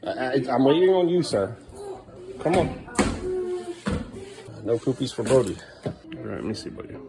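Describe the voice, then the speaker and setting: A man's voice: medium pitch, sing-song, moderate pace, very noisy. A man filming a casual family vlog at home, coaxing and bantering with his small children. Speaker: father vlogging his day with his sons.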